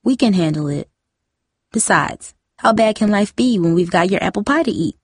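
A woman's voice: mid-range voice, animated, moderate pace, husky, no room sound, studio quality. A woman voicing an earnest, studious teenage girl in a storybook reading. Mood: warm.

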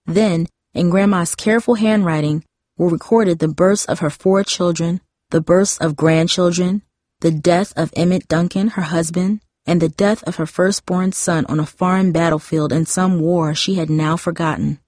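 Woman narrating a story, lower voice, steady measured reading, dry close recording. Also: no room sound.

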